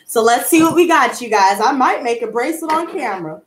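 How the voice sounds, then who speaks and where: A woman in her twenties talks bluntly and heatedly to her livestream, swearing freely. Her voice sits high and swings widely in pitch. The sound carries a roomy echo. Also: animated, brisk. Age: 20s. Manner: blunt, profane and heated, ranting and laughing. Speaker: tarot reader and streamer. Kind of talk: casual livestream chat.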